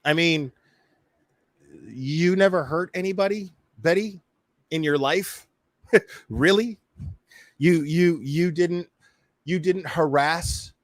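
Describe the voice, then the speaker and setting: A man's voice: on the high side, no room sound. A man hosting a casual reaction commentary, swearing freely, laughing and stammering through restarts. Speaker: YouTube commentary host.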